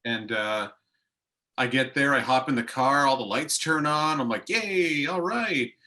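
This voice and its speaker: Bright-voiced male podcast co-host. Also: medium pitch, moderate pace. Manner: animated anecdote-telling, self-mocking. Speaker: co-host, hockey broadcaster. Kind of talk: casual chat.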